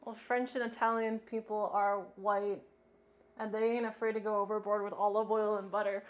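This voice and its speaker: A woman's voice: medium pitch, level tone, moderate pace, muffled recording. A woman chatting casually on a cooking live stream, offhand and talkative, with lots of filler words.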